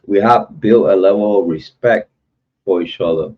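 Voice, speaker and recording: A man hosting a true crime livestream, talking loosely and repetitively in slang, giving heartfelt shout-outs to viewers. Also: low-pitched, moderate pace, lo-fi sound.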